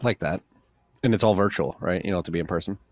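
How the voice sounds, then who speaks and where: A man's voice: low voice, racing, dry recording, studio quality. A man hosting a podcast in casual chat, joking with guests and a bit tired after a workout. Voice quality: relaxed, jokey, calls listeners freaks. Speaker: podcast host.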